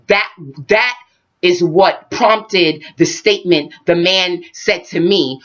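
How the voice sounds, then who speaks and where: A woman's voice: on the low side, unhurried, muffled recording. A woman vlogger telling a story and giving spiritual life advice, talking straight to her viewers. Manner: expressive, addresses viewers directly. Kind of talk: animated storytelling monologue.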